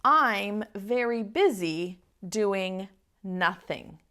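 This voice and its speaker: A lazy, unbothered male lizard from a picture book, speaking in a drowsy, soothing way, as a woman reading aloud puts him on. He draws out every word very slowly. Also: medium pitch, animated, bright, forceful tone, full character voice. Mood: calm.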